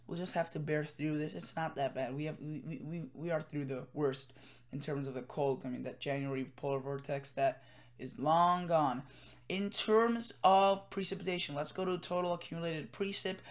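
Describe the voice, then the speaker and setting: A man with a fairly high voice talks through a weather forecast from his computer at home. He sounds tired and rambles, with plenty of fillers and restarts as he walks through the maps. His delivery is casual and unscripted. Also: moderate pace. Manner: rambling, with many fillers and self-corrections. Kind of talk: casual forecast commentary over screen.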